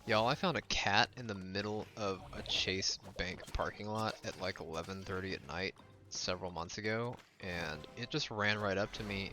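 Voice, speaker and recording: A man's voice: deep voice, normal speed, bright, forceful tone, soft background music. A man casually chatting with his viewers during a live game stream, rambling with lots of "like" and laughing often. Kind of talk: casual live-stream chat while playing.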